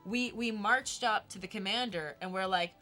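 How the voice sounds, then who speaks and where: Co-host woman, bright and forceful tone, lively storyteller who acts out the lines. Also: medium pitch, moderate pace, faint music behind. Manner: animated, acts out quoted dialogue. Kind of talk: casual storytelling chat.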